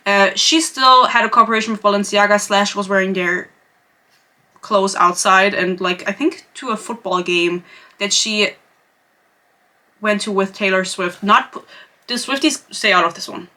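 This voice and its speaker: A woman's voice: mid-range voice, moderate pace, bright, forceful tone. A young woman from Europe hosting a podcast, chatting in a gossipy, rambling way full of asides. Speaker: podcast host. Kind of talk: casual chat.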